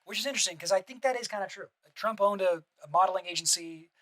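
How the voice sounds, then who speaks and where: Fast-talking high-voiced male streamer. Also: bright, forceful tone, low-quality recording. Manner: rambling, many restarts and asides, blunt swearing. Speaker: streamer reacting to a deposition. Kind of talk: casual reaction commentary.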